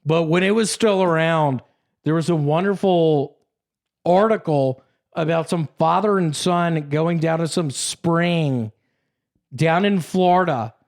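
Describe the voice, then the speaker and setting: A man's voice: on the high side, slow, a little mellow. A young man, a podcast co-host, telling a rambling story in casual chat and swearing freely.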